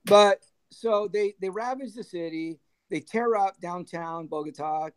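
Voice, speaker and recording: A middle-aged man with a notably high speaking voice spins road stories from his years managing a band. He laughs often and throws himself into acting out the dialogue, shouting and whispering the lines of the people in his tales. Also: unhurried, clear, resonant tone. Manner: animated storyteller who laughs often and acts out quoted dialogue. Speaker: former band manager, interview guest. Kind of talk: casual storytelling interview.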